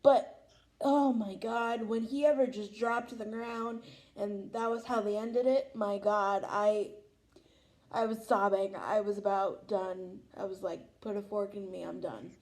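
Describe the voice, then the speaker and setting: Gushing young woman with a mellow voice. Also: mid-range voice, steady tone, unhurried. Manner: gushing, emotional, lots of "oh my God". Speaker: vlog host. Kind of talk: casual fan reaction chat.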